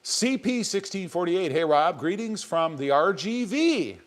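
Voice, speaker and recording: Man hosting a chatty live stream from a garage, reads comments and jokes, slightly high voice. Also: very animated, a little slow. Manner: joking, rambling, reads viewer comments aloud. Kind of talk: casual live stream chat reading comments. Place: home garage.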